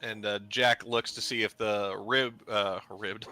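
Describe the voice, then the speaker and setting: A man's voice: lowish voice, steady tone, a little slow, pushed and bright, faint music behind. A man playing a tabletop game, describing his character's actions in an easygoing way. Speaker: player. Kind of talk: casual tabletop game chat.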